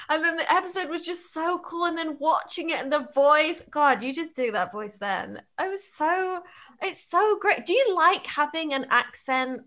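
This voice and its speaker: A woman hosting an interview, asking questions with gushing, excitable enthusiasm. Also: sits high, normal speed. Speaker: interviewer, podcast host and cast member. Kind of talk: casual interview chat.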